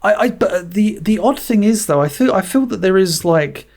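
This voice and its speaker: A man co-hosting a podcast, chatting casually about a film and retelling its scenes in an animated, rambling way full of restarts and fillers. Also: sits high, moderate pace. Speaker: podcast co-host. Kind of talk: casual film review chat.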